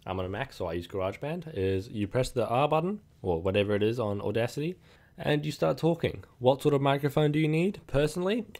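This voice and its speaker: A man's voice: mid-range voice, a little mellow. A young man hosting his own podcast, talking casually and rambling with lots of fillers and restarts. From New Zealand. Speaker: podcast host. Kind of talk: casual solo podcast talk.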